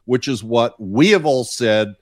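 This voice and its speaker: A man hosting a casual talk show, laying out his points in a measured, deliberate way. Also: medium pitch, animated, no echo, studio quality. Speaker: podcast host. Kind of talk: casual chat.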